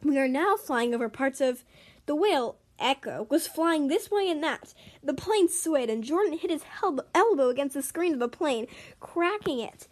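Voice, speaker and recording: A woman reading her own made-up story aloud, earnest and expressive, with small stumbles. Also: high voice, normal speed.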